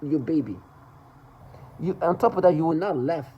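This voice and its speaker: A man's voice: fairly high pitch, normal speed, breathy edge, muffled recording. A man talking to the camera in an agitated personal monologue, rambling with restarts and repetitions. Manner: rambling, restarts and repeats, mimics others' laughter. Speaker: vlogger.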